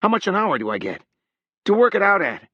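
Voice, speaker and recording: A man voicing a nervous young rural man from who talks in quick, twangy country speech. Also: fairly high pitch, animated, pushed and bright, husky, dry recording, dull audio, pitched above the performer's own voice, full character voice. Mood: nervous wheedling. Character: young scrappy nervous rural man, fast-talking schemer.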